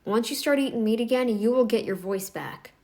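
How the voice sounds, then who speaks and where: A woman's voice: on the high side, a little fast, darkish tone. A woman giving casual reaction commentary in a blunt, scolding, emphatic way.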